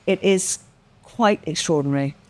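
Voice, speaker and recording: Speaking at a moderate pace in a fairly low voice, this podcast guest recounts something that happened to her. She's animated and expressive, performing the quoted lines and cursing offhandedly.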